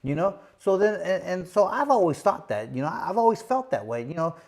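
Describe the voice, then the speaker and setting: A man's voice: high-pitched, a little fast. A middle-aged man, a former boxer hosting a live show, telling a long story casually with lots of fillers and acted-out quotes. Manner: animated, acts out quoted voices, many fillers. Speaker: host, former boxing champion.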